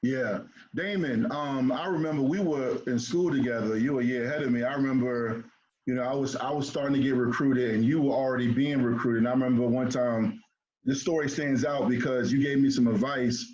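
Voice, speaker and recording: Relaxed male host, dull lo-fi sound. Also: mid-range voice, brisk, slight background noise. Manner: relaxed, reminiscing, frequent fillers. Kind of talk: casual interview chat.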